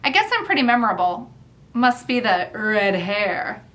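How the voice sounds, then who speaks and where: A woman's voice: mid-range voice, sing-song, normal speed, a bit bright. A woman narrating a first-person audiobook in a wry, chatty manner.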